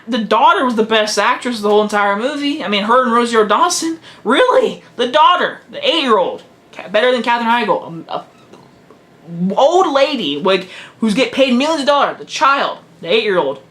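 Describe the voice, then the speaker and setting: A man's voice: very high voice, sharp tone. A teenage boy giving a casual video movie review, blunt and emphatic, hammering his verdicts home again and again. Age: teens.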